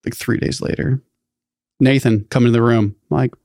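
A man's voice: mid-range voice, fairly even intonation, moderate pace, a little mellow, no echo, clean studio sound. A man co-hosting a podcast, telling a story in casual, rambling chat, full of fillers and acted-out quotes. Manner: rambling, filler-heavy, acts out quoted voices. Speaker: podcast co-host.

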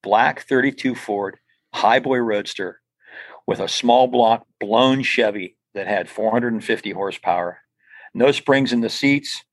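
A man's voice: medium pitch, measured pace, dry recording. An older man, a podcast guest, telling stories in a rambling, casual way full of restarts and asides. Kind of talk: casual storytelling interview.

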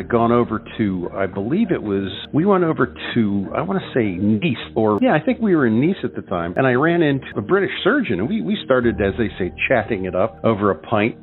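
A man co-hosting a comedy podcast, telling meandering anecdotes full of asides and restarts. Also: medium pitch. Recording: phone-like audio with faint music.

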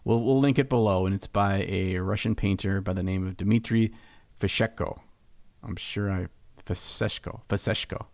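Low-voiced guy rambling and joking on a hobby podcast, dry close sound. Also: fairly even intonation, moderate pace, darkish tone, no echo. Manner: joking, rambling, self-mocking. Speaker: podcast co-host. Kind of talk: casual hobby podcast chat.

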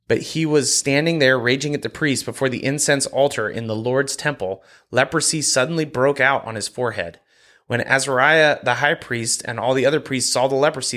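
A man reading a Bible passage aloud at a steady pace, lifting his voice a little for quoted speech. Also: mid-range voice. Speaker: Bible reader. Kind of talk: scripture reading.

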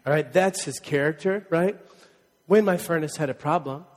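A man preaching a sermon as pastor, animated and joking, leading the congregation in call-and-response. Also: a little high, fairly quick. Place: church sanctuary. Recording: long reverb of a church hall.

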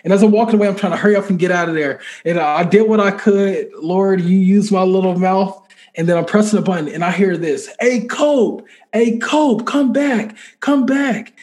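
A man with a somewhat high voice tells a personal faith story as a podcast guest. He talks casually and animatedly, with plenty of fillers, and acts out the dialogue as he goes. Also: fairly even intonation, fast, a little mellow. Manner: conversational filler-heavy speech.

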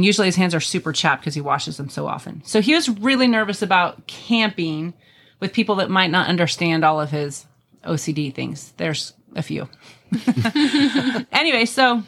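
A middle-aged woman with a fairly low voice tells family stories in a relaxed chat. She talks earnestly and often pauses with an um. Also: gravelly. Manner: earnest, storytelling with many ums. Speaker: podcast guest. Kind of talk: casual conversation.

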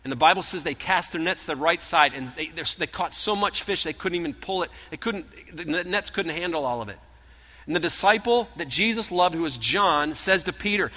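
A man preaching a sermon, retelling scripture in animated storytelling style and acting out the voices. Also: high voice, a little fast. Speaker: pastor. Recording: long hall reverb.

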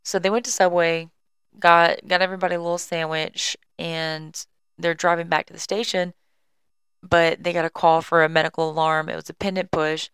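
A woman's voice: lowish voice, little pitch movement, normal speed, a bit bright, clean tone, no room sound. A young woman hosting a podcast from home, casually and chattily telling a work story and apologizing. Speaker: podcast host and EMS worker. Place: at home on a couch.

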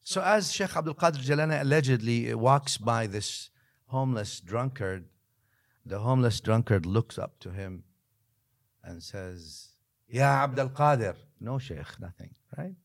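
A man, a religious scholar, telling a story as a podcast guest, lively one moment and dropping to a hushed near-whisper the next, with Arabic phrases woven in. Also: medium pitch, unhurried. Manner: mixes Arabic phrases into his talk.

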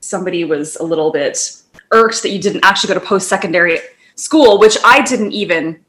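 A woman's voice: on the low side, brisk, fairly bright tone. Chatty woman podcast co-host. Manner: rambling, tangents, frequent laughter. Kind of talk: casual chat.

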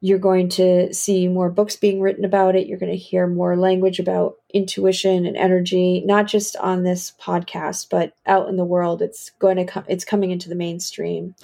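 A middle-aged woman hosting a reflective solo podcast, musing slowly and often restarting her words. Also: lowish voice, level tone, creaky, mellow. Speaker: podcast host.

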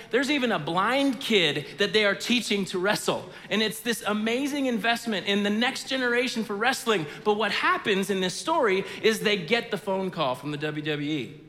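A man preaching a sermon, telling a story and then teaching, moving between loud bursts and hushed, low lines. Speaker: pastor. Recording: reverberant hall sound.

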